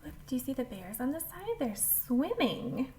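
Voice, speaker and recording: Woman storyteller, fairly high voice, expressive picture-book read-aloud. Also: moderate pace, slight background noise. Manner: animated storybook reading with asides to the listener.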